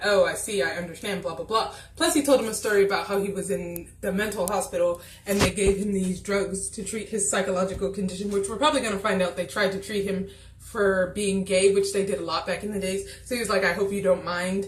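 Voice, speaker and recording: Brief: woman, casual vlog reviewer, chatty and exasperated, in a roomy echoey room. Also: medium pitch. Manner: chatty, exasperated, acts out scene dialogue.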